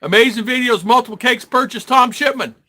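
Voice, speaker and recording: A man's voice: very high voice, fairly quick, bright, forceful tone. A middle-aged man from the United States hosting a casual livestream, rambling and reading viewer comments aloud. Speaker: livestream host. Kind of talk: casual live-stream chat.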